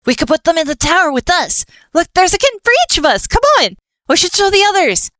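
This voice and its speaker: Give me a woman voicing a squealing excitable skeleton guy. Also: very high-pitched, fast, dry recording, clean studio sound, pitched above the performer's own voice, heavily acted. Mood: excited. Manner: gushing, squealing, pleading. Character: excitable young male skeleton, kitten-crazy.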